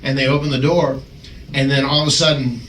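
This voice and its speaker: A man on a podcast telling an animated wrestling story, chuckling and slipping into other people's voices. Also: mid-range voice, a little fast, a little hiss or hum. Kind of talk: casual storytelling. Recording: echoey, distant mic, faint background ambience.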